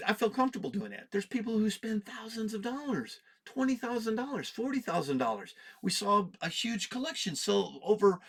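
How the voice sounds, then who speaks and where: Rambling fifties man hosting comic talk. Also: on the high side. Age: 50s. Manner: rambling, animated, self-interrupting with fillers. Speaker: comic book video host. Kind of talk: casual rambling chat.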